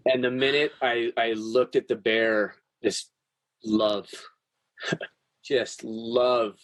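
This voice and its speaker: A man's voice: mid-range voice, steady tone, extremely slow, no room sound. A man guest on a podcast, earnestly and intensely telling a personal story in casual chat, with restarts and the odd swear word.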